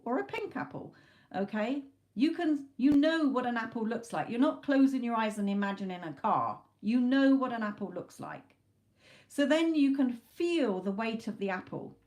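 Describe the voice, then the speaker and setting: Chatty woman giving a tarot talk. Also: medium pitch. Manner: chatty, emphatic, swears casually. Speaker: tarot reader. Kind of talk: live-stream spiritual talk.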